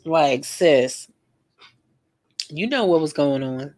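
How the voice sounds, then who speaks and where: Her voice is deep and slow as this young woman paints live, chatting and gossiping in a relaxed way. Expect slang, frequent laughs, and animated stories from the art vlogger.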